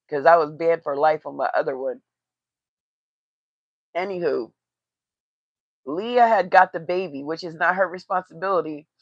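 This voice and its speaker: A woman's voice: fairly low pitch, dry recording. A woman giving blunt, profane, mocking gossip commentary on a casual livestream. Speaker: tarot reader and commentator. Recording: dry, slightly dull lo-fi sound.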